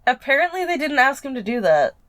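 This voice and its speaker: A woman co-hosting a casual podcast, speaking in a fairly high, lively voice. She is blunt and swears freely, laughing along with her co-host. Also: fast, no echo. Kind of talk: casual chat.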